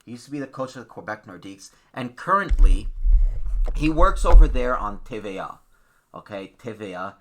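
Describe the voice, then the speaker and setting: A man's voice: mid-range voice, animated, normal speed, a bit bright, slight background noise. A man hosting a sports podcast, talking bluntly and opinionatedly in a ranting, casual way. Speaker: podcast host.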